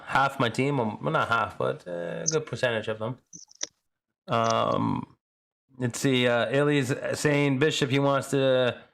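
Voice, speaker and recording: A man's voice: medium pitch, creaky, a bit bright. A man hosting a livestream panel over video call, casually asking guests questions and reading out chat comments. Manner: friendly, reads out chat comments. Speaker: panel host.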